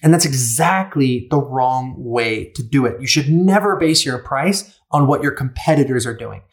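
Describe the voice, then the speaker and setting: A man giving casual business coaching advice, emphatic and animated, often checking in with rhetorical questions. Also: medium pitch, moderate pace.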